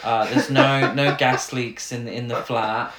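A podcast co-host chatting casually about a film, animated, swearing and laughing often. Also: mid-range voice, takes it slowly, soft background music. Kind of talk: casual film review chat. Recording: roomy echo.

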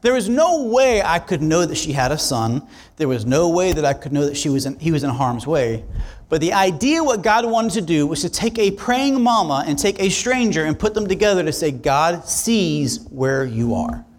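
A male pastor telling a story in a sermon, conversational and animated, acting out the dialogue. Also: on the high side, brisk.

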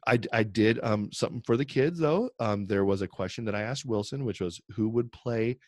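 A man's voice: lowish voice, brisk, dry recording, clean studio sound. A middle-aged man co-hosting a podcast, telling rambling stories and laughing often. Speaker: podcast co-host. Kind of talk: casual chat.

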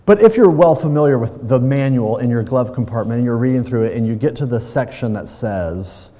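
A man's voice: medium pitch, lively intonation, fairly quick, warm tone. A man pastor delivering a sermon in a conversational way, using playful everyday examples. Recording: long reverb of a large hall.

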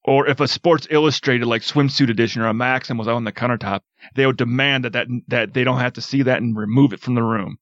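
A man's voice: mid-range voice, steady tone, fast, few pauses, a bit bright, dry recording. A man in a casual podcast chat, rambling with many fillers and frequent swearing. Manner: rambling, says "like" a lot, swears. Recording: dry, dull lo-fi sound.

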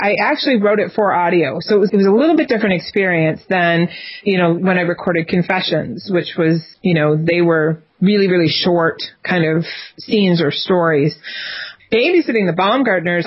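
A woman author chatting loosely in an interview, circling back on her words as she goes. The audio is muffled and dull. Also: lowish voice. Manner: chatty, rambling with frequent restarts and laughs. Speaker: author guest. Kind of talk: casual interview chat.

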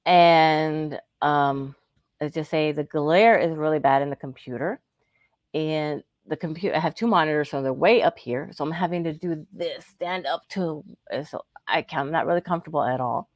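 Low-voiced woman telling a candid story. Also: moderate pace, dry recording. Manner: chatty and animated, acting out what others said. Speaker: co-host.

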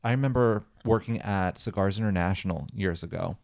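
A man co-hosting a podcast in a relaxed, conversational way. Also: fairly low pitch, fairly quick, gravelly. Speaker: podcast co-host. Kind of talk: casual podcast chat. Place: Pennsylvania.

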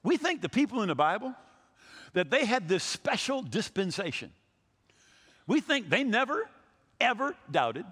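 A man's voice: high voice, very animated, unhurried, long pauses, a bit bright, slightly rough, in a large hall. A man in his sixties, a pastor preaching a sermon, telling stories and acting out the people he quotes, often repeating his words as he goes. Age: 60s.

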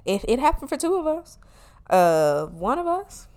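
Woman podcast host in her twenties, clear smooth voice, sassy comic solo rant, loose and profane. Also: high voice, unhurried. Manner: animated, sassy, swears freely. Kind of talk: casual comedic monologue.

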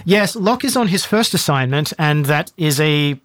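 A man's voice: fairly high pitch, lively intonation, normal speed, a bit bright. A man voicing a stern, stone-faced male spymaster who speaks in a clipped, formal way.

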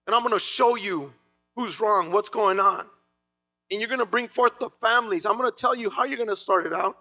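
High gravelly male preacher. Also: a little fast, soft background music. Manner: dramatic, acts out biblical voices with shouts. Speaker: pastor. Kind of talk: sermon.

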